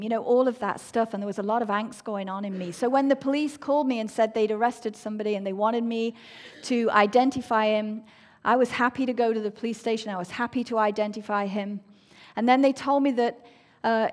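A woman shares a personal faith testimony in an earnest, emotional way. Her voice sometimes sinks to a soft, hushed near-whisper. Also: mid-range voice. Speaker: speaker sharing a personal testimony.

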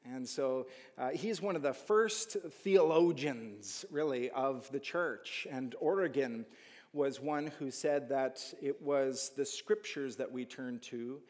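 A man's voice: medium pitch, slow, darkish tone, long reverb tail. A man preaching an earnest, conversational sermon to his church, often asking his listeners questions. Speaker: pastor.

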